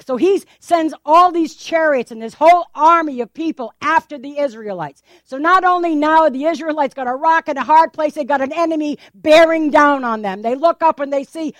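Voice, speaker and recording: Animated high-voiced woman preaching. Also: normal speed, few pauses, dry recording, clean studio sound. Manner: animated, acts out voices of the people, laughs often. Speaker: pastor. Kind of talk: sermon. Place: church.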